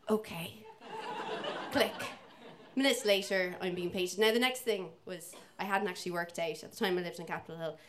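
A young adult woman with an Irish accent telling a self-mocking personal story, acting out the voices of the people in it. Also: fairly low pitch. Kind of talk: personal story told to an audience.

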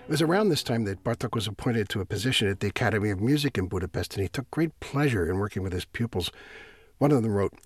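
Guy with a husky low voice doing classical radio narration, dry close sound. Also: lively intonation, fast, dry recording, soft background music. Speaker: classical music radio host.

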